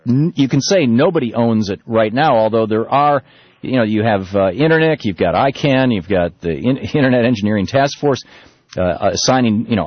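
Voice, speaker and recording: Husky-voiced talk radio host, lively. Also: male voice, medium pitch, no echo. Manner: loose, animated delivery with many restarts and fillers. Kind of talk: political talk radio monologue. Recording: muffled lo-fi radio broadcast.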